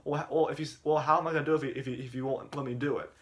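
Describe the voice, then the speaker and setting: A man's voice: mid-range voice, steady tone, racing, a bit bright, slight background noise, close to an everyday voice. A man voicing a pushy, shady dentist who talks offhandedly.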